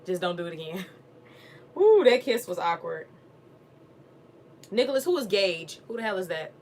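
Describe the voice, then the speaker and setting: A woman, talking loose and profane as she hosts a live chat for her viewers. Her pitch sits in the middle, and there is a faint hiss of noise behind her. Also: normal speed. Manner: animated, profane, talks straight to viewers. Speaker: live stream host. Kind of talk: casual live stream chat.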